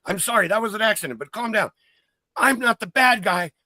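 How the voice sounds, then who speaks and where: A man doing a frantic, fed-up guy, pitched high. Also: brisk, dry recording. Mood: frantic pleading. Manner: pleading, rising into a strained high shout. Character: frantic fed-up man demanding his burger.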